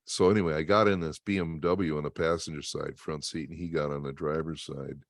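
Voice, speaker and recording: A man telling stories in an interview, emphatic and animated, laughing often. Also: very deep voice, fairly quick, no echo. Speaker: interview guest and motivational speaker. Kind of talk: storytelling in an interview.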